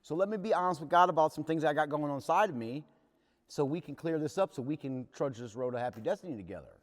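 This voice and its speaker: At a recovery workshop he's leading, an expressive, fast-talking man with a high-leaning voice candidly shares his personal story in plain, earnest terms, and the hall gives his voice a long reverb.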